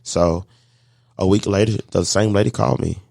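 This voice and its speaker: Man, deep low voice, gravelly, animated storyteller, acting out conversations, dry close mic. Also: normal speed, no room sound. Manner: animated storyteller acting out dialogue, faith-filled. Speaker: guest, catering business owner. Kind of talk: storytelling in a podcast interview.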